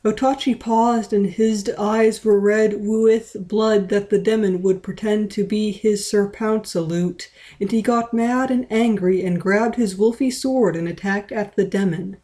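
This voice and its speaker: A woman's voice: medium pitch, fairly even intonation, measured pace, few pauses, dark tone. A woman reading a fan story aloud in a playful, dramatic way, with small stumbles. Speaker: reader. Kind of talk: read-aloud of fan fiction.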